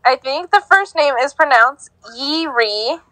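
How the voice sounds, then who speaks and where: High, unhurried young woman podcaster. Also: expressive, bright, forceful tone, no echo, poor audio. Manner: giggly, stumbling over names. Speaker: co-host giving sports news. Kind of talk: casual podcast chat.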